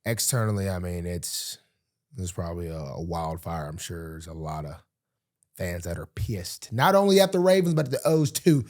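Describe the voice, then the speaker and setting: Halting young man in casual chat. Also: deep voice, very animated, a little mellow. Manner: halting, full of restarts and trailing-off phrases. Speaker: pro football player, co-host.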